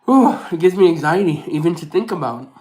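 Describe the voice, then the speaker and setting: A man vlogging casually to camera, rambling with many restarts and fillers, softly sentimental in tone. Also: a little high, animated, brisk, rough recording.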